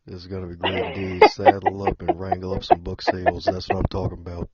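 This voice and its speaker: A man's voice: low voice, monotone, fast talker, a little mellow, muffled recording. A man hosting a podcast interview in a playful cowboy-style drawl, chatting casually. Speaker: podcast host.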